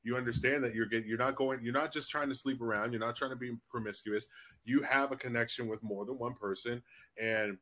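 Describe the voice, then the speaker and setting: A man's voice: medium pitch, steady tone, a little fast, pushed and bright. A man hosting an interview podcast, talking casually in loose, filler-heavy phrasing with some swearing. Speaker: podcast host.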